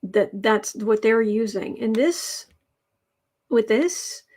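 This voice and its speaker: Female tarot livestream host, husky and unhurried, chatty, rambling. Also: fairly high pitch, expressive, darkish tone. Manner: chatty and rambling, reads out viewer comments. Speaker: tarot reader and channel host. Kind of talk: casual livestream tarot reading.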